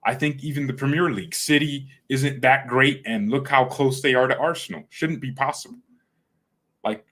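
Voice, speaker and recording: A man with a medium-pitched, fairly bright voice hosts a fan channel and launches into a casual football opinion rant. He's blunt, opinionated and a bit of a trash-talker, stammering over repeated words once he gets worked up.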